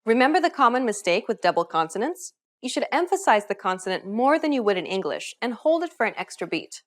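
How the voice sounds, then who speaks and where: A woman narrating a scripted pronunciation lesson in a clear, instructive manner. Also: on the high side, very animated, fairly quick. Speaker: language teacher.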